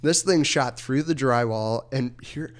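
A man in the middle of his range tells an anecdote on a podcast with friends. His delivery is laid-back and peppered with swearing and laughter. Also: unhurried. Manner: quotes himself in a squeaky voice. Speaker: podcast co-host. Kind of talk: casual storytelling.

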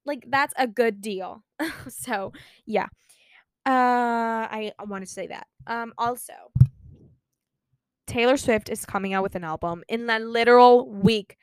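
A teenage girl, talking in a smooth, bright-toned voice that sits a little high. She gushes excitably and swears freely in casual chat. The sound is close and dry, with no room around it. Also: a little slow, pauses often, no echo. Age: teens. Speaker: podcast host.

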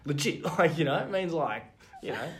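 A woman's voice: deep voice, lively intonation, moderate pace. An Australian woman co-hosting a podcast, telling stories in casual chat with frequent laughter. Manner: laughs often, rambling storytelling. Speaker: podcast co-host.

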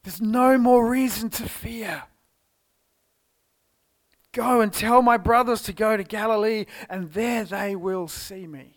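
A man with an Australian accent preaching a church sermon, telling the story expressively and moving between loud exclamations and hushed tones. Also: high-pitched, takes it slowly, long pauses. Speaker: pastor. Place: church service.

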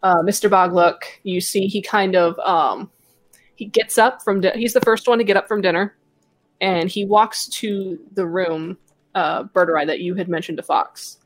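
With a medium-pitched voice and no room sound, a woman leads a tabletop game as game master. Her narration is laid-back and hesitant, dotted with fillers.

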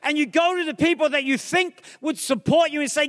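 A man with a strikingly high voice preaches a lively sermon as a pastor, firing questions and calls at the crowd and slipping in jokes. His voice rings out with the long reverb of a big theatre hall. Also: a little fast, hardly any pauses. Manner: humorous asides.

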